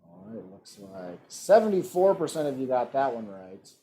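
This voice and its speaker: Male trivia host, warm mellow tone, animated pitch, reads multiple-choice options, joking asides, faint background hiss. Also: moderate pace. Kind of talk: hosting an online trivia game.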